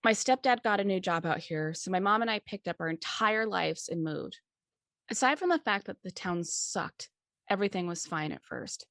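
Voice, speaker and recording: A woman's voice: fairly low pitch, creaky, a bit bright, dry recording, clean studio sound. Shaky frightened teen boy, as a woman reads him. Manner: trembling, halting, stammering. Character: scared teenage boy, shaky and strung out.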